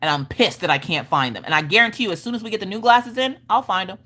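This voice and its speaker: A woman hosting a casual livestream, telling animated stories from home, swearing casually and laughing often. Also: mid-range voice, fast talker. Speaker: livestream host. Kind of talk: casual chat storytelling.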